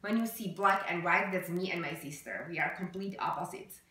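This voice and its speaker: A woman vlogging to her viewers in an earnest, halting way, emotional, with many fillers and restarts. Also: fairly low pitch, pushed and bright. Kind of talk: personal vlog talk to camera. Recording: very echoey room, far from mic.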